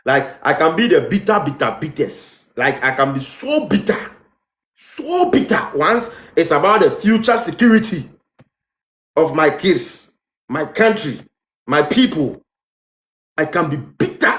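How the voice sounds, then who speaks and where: A man's voice: on the high side, big pitch swings, unhurried, a bit bright, reverberant. A man with a Ghanaian accent giving a heated vlog commentary, repeating rhetorical questions and hammering his points. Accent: Ghanaian English. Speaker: vlogger. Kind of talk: impassioned commentary monologue.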